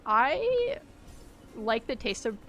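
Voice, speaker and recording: A woman with a slightly high voice chats her way through a game stream, rambling from one thought to the next and breaking into laughter often. Light game music plays faintly behind her. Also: sing-song, slow, a bit bright, highs cut off. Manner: chatty and rambling, laughs easily. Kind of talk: casual gaming livestream chat.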